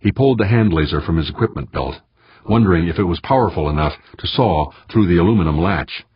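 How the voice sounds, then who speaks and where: A man reading an audiobook in a measured, steady manner. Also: sits low, breathy edge, dry recording, lo-fi sound. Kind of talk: audiobook narration.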